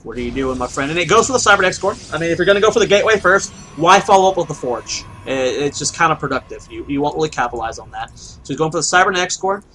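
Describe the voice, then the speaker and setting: A man's voice: on the high side, animated, quick pace, fairly bright tone, a little hiss or hum, low-quality recording. A man giving solo play-by-play commentary on a strategy game match, chatty and explanatory, often thinking aloud and asking himself questions. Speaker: esports caster.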